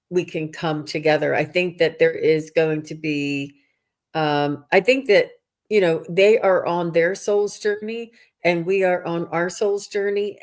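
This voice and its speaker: A woman hosting a casual spiritual conversation, speaking reflectively with frequent pauses and restarts. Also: on the low side. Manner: reflective, halting with many restarts. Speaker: host.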